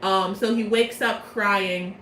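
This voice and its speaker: A young woman chats her way through a game's storyline, bubbly and full of jokes, slipping into quick voices for the characters. The room around her rings with echo, and a faint noise sits underneath. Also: mid-range voice, fairly even intonation, a bit bright. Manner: bubbly, jokey, acts out quick character quotes. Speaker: storyteller recapping a game plot. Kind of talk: casual chatty plot recap.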